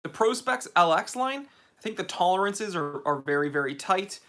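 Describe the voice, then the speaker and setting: A man's voice: high voice, expressive, moderate pace, a bit bright. A man with an American accent hosting a casual livestream Q&A, chatty and opinionated, with many fillers. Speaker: watch channel host.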